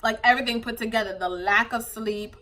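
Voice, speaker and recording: Emotional young woman with a bright voice. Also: fairly high pitch, fairly even intonation, brisk. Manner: emotional, tearful at times, candid, lots of fillers. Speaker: vlogger, new mother. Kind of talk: casual confessional vlog.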